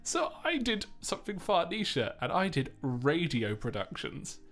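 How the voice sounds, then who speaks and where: A man's voice: on the high side, big pitch swings, unhurried, a bit bright, soft background music. A young man co-hosting a casual podcast, chatty and self-deprecating, laughing often between stories. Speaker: co-host.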